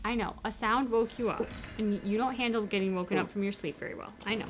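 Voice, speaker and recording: A woman hosting a casual game livestream, chatting and reading chat aloud in an animated way, often cooing soothingly. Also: mid-range voice, quick pace, a little hiss or hum. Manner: animated, soothing and coos to her dog, reads chat aloud. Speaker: let's play streamer.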